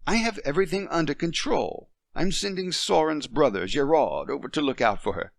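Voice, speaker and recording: A man voicing a poised French wife near fifty, patient and gently reasoning with her husband. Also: on the high side, lively intonation, moderate pace, gravelly, no room sound, studio quality, voice pushed up. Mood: firm.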